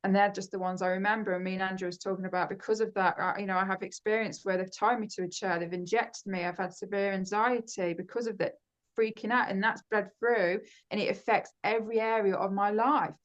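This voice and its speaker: A woman with grown children, a guest in a casual conversation, talking quickly and restarting her sentences often. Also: mid-range voice, steady tone, dull audio. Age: adult with grown children. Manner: talks fast, with many fillers and restarts. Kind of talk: casual conversation about personal experiences.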